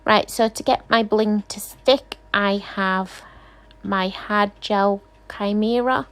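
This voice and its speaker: Woman, nail technician, casual tutorial voice-over, unhurried, rambling, apologetic, self-deprecating. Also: medium pitch, steady tone, a bit bright.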